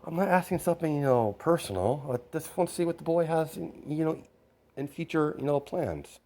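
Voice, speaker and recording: A man's voice: a little high, a little fast, a little mellow, voice pushed up, close to an everyday voice. A man voicing a formal, jovial wealthy father who questions a young guest, stammering a little. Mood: probing.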